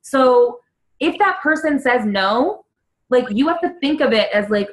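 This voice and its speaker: A young adult woman coaching her team on a call, earnest and animated, with quick bursts and lots of "like". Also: high voice, low-quality recording. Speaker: fitness coach.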